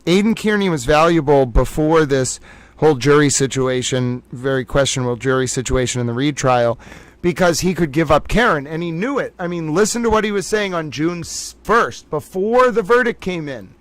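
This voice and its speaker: A man's voice: fairly high pitch, moderate pace, no room sound. A man hosting a livestream, thinking aloud, exclaiming and laughing as he reacts live to news. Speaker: livestream host. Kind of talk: excited live reaction commentary.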